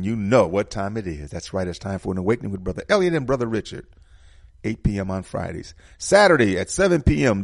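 A low-pitched middle-aged man with a gravelly edge, reading out show listings and sponsor notices. He stresses and repeats the key details in an emphatic, preacherly way, and the sound is dry and close. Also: no room sound. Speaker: host reading announcements. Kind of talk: radio-style community announcements.

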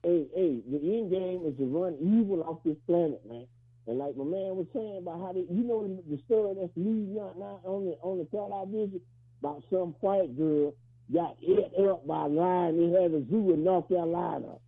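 Caller: high, gravelly man on a tinny phone line, loose and street-casual. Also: moderate pace. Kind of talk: casual call-in talk.

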